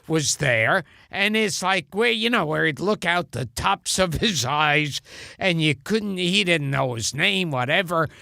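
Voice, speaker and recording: A man's voice: on the high side, animated, unhurried, vocal fry, bright, forceful tone, no echo, studio quality. A man telling comic show-business anecdotes in casual chat, stammering and restarting as he acts out quotes. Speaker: comedian guest.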